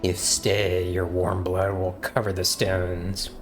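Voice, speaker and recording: A man voicing a towering, hostile male reptile fiend from a game, reading its lines in a slow, menacing way. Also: low-pitched, completely flat delivery, soft background music.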